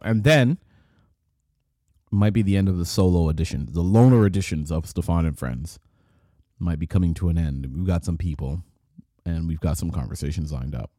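This podcast host has a low, dark voice, captured dry in a clean studio. Talking solo and casually, he rambles loosely, often restarting sentences and repeating words.

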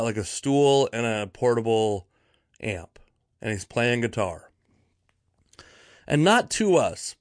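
A man hosting a podcast, telling a comic story in a rambling, wry way, full of exaggeration, fillers and quick self-corrections. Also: medium pitch, no room sound, clean studio sound. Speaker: podcast host. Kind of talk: casual comedic storytelling monologue.

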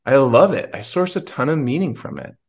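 Gravelly, earnest male podcast host. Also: mid-range voice, very animated, fairly quick. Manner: earnest, searching, with frequent restarts and fillers. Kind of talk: reflective personal storytelling in conversation.

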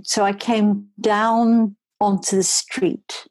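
A woman telling a personal story in an animated way, dropping into breathy asides. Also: lowish voice, a little slow, hardly any pauses, no room sound, low-quality recording. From England. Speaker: storyteller guest.

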